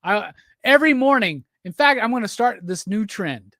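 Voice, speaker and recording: Man livestream host, drunk, swearing, teasing, bouncy pitch, dry close sound. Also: expressive, normal speed, sharp tone, no room sound. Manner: profane, teasing, rambling. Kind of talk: casual livestream chat.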